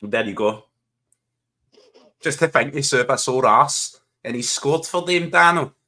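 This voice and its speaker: Bright-voiced joking Scottish man. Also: mid-range voice, lively intonation, a little slow. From Scotland. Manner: joking, laughs often, broad slang. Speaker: co-host. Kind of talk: casual live match-watching chat.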